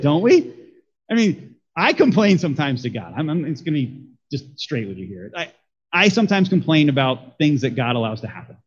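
A man preaches to his congregation in a husky, slightly breathy voice. He keeps it conversational and keeps asking the room questions. The recording is a bit dull and lo-fi. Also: a little high. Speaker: pastor. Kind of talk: sermon.

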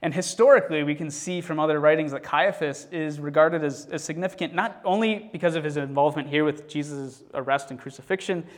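A man's voice: on the high side, a little fast, hardly any pauses. Man reading scripture aloud. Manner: reads aloud with expression, then teaches casually with fillers and restarts. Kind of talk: scripture reading and sermon teaching.

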